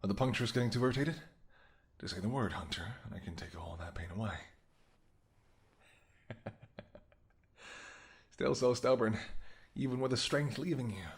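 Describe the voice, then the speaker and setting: A man voicing a flirtatious, predatory male vampire in a whispered role-play, speaking in a soft, teasing, seductive murmur. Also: mid-range voice, expressive, moderate pace, long pauses, close to an everyday voice. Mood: hungry. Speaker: voice actor.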